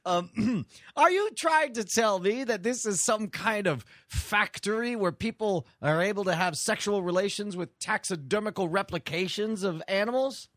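Dude playing a goofy sidekick detective, keeps giggling and stammering, bouncy pitch. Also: male voice, sing-song, unhurried, no echo, clean studio sound. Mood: scheming. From Wisconsin. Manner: giggly, stammering, crude innuendo. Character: bumbling male sidekick detective Gary. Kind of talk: improvised comedy role-play.

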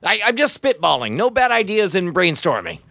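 A man playing a tabletop role-playing game, stammering through ideas and breaking into loud in-character shouts. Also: high-pitched, big pitch swings, moderate pace, gravelly, no room sound, clean studio sound. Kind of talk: improvised role-play banter.

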